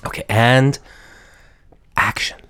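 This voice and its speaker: A man's voice: mid-range voice, fairly even intonation, slow, fairly bright tone, smooth. A man hosting a comedy podcast, laid-back and drawling, with casual swearing. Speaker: podcast host.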